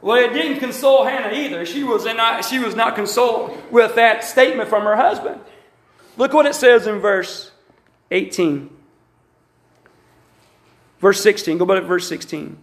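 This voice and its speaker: A man's voice: sits high, animated, normal speed, pauses often, roomy sound. A man preaching a sermon with emphatic repetition and calls to the congregation. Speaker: pastor. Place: church sanctuary.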